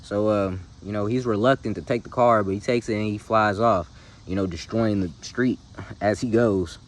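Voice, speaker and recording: Speaking at normal speed in a fairly low voice with fairly even intonation, a man gives a casual recap of a film's plot. His talk is slangy and loose, full of "you feel me" check-ins with the listener.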